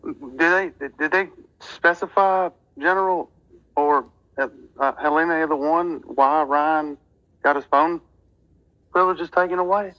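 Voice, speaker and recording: A man caller asking a quick, halting question. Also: on the high side, highs cut off.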